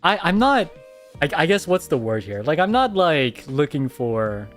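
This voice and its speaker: A man streamer answering viewer questions in a soft, hesitant casual chat, speaking very close to his mic at home. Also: a little high, big pitch swings, measured pace, faint music behind. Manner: soft-spoken, hesitant, many restarts.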